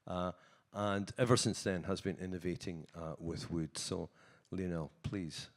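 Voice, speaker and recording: A man acts as moderator in a conference hall and introduces the next speaker. His voice is fairly low. He keeps pausing on filler sounds as he talks. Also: steady tone. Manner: hesitant, frequent filler sounds. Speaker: session moderator.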